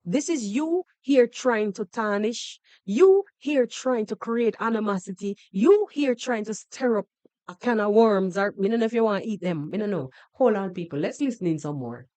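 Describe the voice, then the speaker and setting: Animated and moderately paced, this Jamaican podcast host has a mid-range voice with a dark tone. She offers sarcastic, scolding commentary in reaction to a video, now and then switching into patois.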